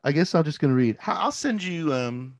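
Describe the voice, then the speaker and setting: A man with a higher, animated voice co-hosts a relaxed podcast, telling a long, wandering story a little quickly while laughing a lot and saying "like" over and over. It's a dry recording.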